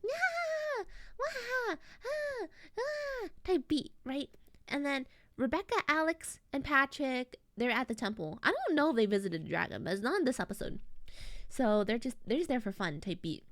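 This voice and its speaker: A woman's voice: fairly high pitch, animated, brisk, a bit bright, no echo, studio quality. Rambling, slangy young woman streamer. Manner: rambling, slangy, many fillers and restarts. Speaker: VTuber streamer. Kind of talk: casual chat recapping a story.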